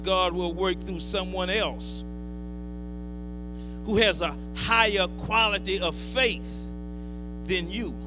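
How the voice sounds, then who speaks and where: A male pastor, preaching a call-and-response sermon that swells into shouts. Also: high-pitched. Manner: preaching with rising shouts and drawn-out words. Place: church. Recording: hall reverb with faint music and hum.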